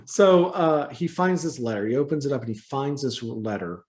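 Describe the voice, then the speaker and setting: A man's voice: medium pitch, expressive, normal speed, a little mellow. A man guesting on a movie review chat, talking casually and animatedly, laughing often and ranting in exasperation.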